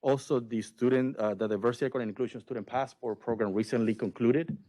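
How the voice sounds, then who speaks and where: Fast-talking man giving a meeting update. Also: medium pitch, steady tone, warm tone. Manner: fast, halting, many fillers and restarts. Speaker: college diversity administrator. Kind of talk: town hall update.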